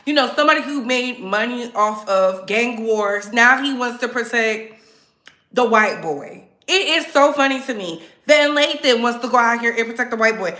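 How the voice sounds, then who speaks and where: A woman hosting her own commentary channel, talking straight to her viewers in a sassy, animated way. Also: fairly high pitch, moderate pace, echoey room. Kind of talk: casual commentary.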